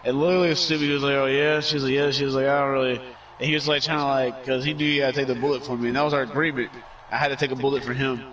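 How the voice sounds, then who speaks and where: A man streams while telling a long, rambling story packed with filler words and cursing, casual storytelling style. His mid-range voice is flat in delivery, racing and a bit bright. The lo-fi recording catches him somewhat far from the mic.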